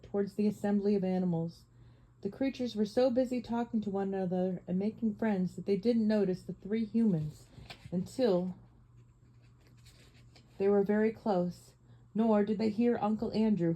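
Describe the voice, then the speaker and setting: A woman narrating a classic children's story aloud in a steady storybook reading. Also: medium pitch, rough recording. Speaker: audiobook narrator. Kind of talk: scripted narration.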